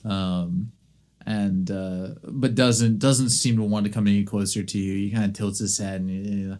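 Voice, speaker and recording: Slow, halting game master. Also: deep voice, fairly even intonation, a little mellow. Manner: halting, many fillers, laughing. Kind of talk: narrating a tabletop game.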